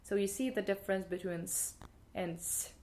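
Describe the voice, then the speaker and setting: A woman's voice: medium pitch, steady tone, darkish tone, slight background noise. A woman with a Russian accent teaching the alphabet in a playful video lesson, repeating each sound for the viewer. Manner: playful, demonstrates sounds slowly and repeats them. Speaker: language teacher.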